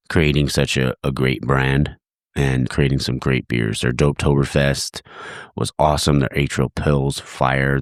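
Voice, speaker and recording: A congested, tired man hosting a podcast, giving a relaxed, thankful solo sign-off. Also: a bass voice, dry recording, studio quality. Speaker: podcast host.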